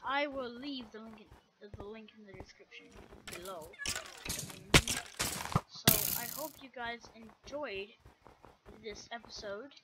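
A woman's voice: on the high side, measured pace. A woman hosting a gameplay video, commenting as she plays with frequent startled exclamations. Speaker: gaming video host. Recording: loud background noise.

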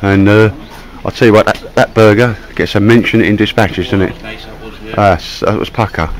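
Deep-voiced Cockney man, chatty vlog. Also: fairly even intonation, normal speed, low-quality recording. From London. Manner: chatty, joking, rambling with filler words. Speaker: vlogger. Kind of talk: casual vlog chat to camera.

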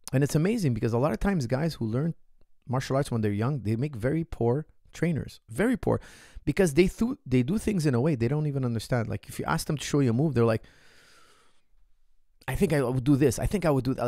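A man's voice: medium pitch, creaky, darkish tone, no room sound. Male martial arts coach, Q&A talk, emphatic and repetitive, dry close recording. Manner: emphatic, repeats himself for stress. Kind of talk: Q&A talk to viewers.

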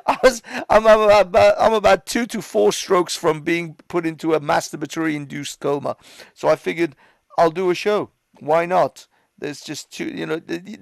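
A man's voice: on the high side, creaky, dry recording. Sweary mocking London man ranting. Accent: London English. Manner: sweary, laughs often, mocking. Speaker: livestream host. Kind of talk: casual ranting commentary.

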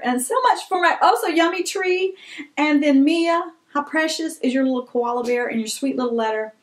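A woman's voice: sits high, slight background noise. A woman, gushing and exclaiming over fan mail in a casual vlog. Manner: gushing, excitable, gasps and squeals. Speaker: vlogger opening fan mail. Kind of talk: casual chat.

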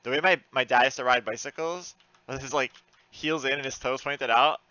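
A man giving live commentary while playing an online game, frustrated and excitable, swearing often with sudden loud outbursts. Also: mid-range voice, normal speed, clean tone, no echo, dull audio.

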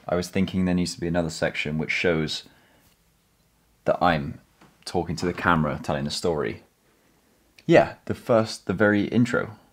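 A man's voice: deep voice, normal speed. A man vlogging from his small home office, thinking aloud and rambling with self-corrections. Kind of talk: casual vlog talk.

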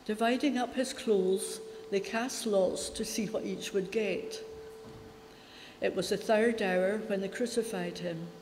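A woman reading a Bible passage aloud in a church service, in a steady, measured way. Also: medium pitch. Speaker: scripture reader. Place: church hall. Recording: echoey church from a distance.

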